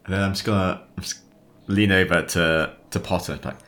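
A man's voice: low-pitched, fairly even intonation, brisk, a bit bright, a little hiss or hum. A man chatting offhand and jokingly at a tabletop game. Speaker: player. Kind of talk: casual table chat.

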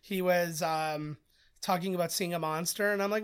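A man's voice: high-pitched, fairly even intonation, moderate pace, fairly bright tone, smooth. A man co-hosting a podcast, chatting casually through a film commentary and telling stories full of filler words. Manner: chatty storyteller who acts out quotes; rambling with many filler words. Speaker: podcast co-host.

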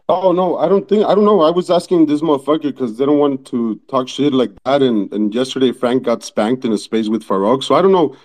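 A man from Mexico with a Mexican accent, a Spanish speaker chatting in an online audio room. He talks bluntly and profanely in a rambling way, from a fast-food restaurant. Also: mid-range voice, a little mellow.

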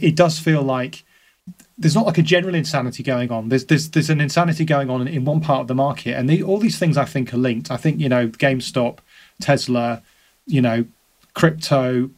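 A man talking casually and quickly as a podcast guest, often repeating words as he thinks. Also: mid-range voice. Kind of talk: casual conversation.

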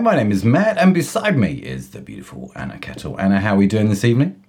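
A man co-hosting an online church service, hoarse and croaky from illness, chatting in a jokey way with lots of fillers and restarts. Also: huge pitch swings, brisk, music in the background. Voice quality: croaky, unusually deep voice. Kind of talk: casual live-stream chat.

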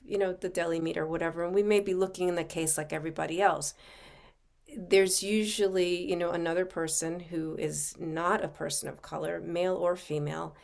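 A woman's voice: fairly low pitch, vocal fry. A middle-aged woman speaking as a podcast guest, conversational, often adding "you know" and "right". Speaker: podcast guest, coach and author. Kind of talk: casual interview chat.

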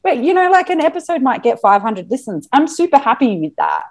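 A woman talking as a podcast guest in a casual interview, chatty and animated with plenty of fillers. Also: sits high, brisk. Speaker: podcast guest, marketing business owner.

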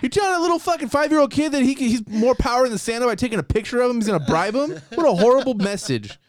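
A man co-hosting a podcast, ranting in a casual, profane and animated way. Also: extremely high pitch, very fast. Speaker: podcast co-host.

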